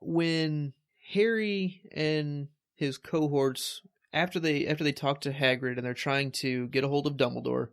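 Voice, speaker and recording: A man's voice: fairly high pitch, fairly even intonation. A man co-hosting a casual book reread podcast, talking in a wry, joking way with frequent restarts. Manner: wry, jokey, halting restarts. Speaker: podcast co-host.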